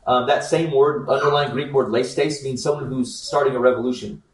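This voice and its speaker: A man's voice: mid-range voice, fairly even intonation, normal speed. Casual man teaching scripture in an echoey room. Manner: conversational, addresses listeners as guys, frequent ums. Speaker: Bible teacher. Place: church meeting room. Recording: roomy echo, mic at a distance.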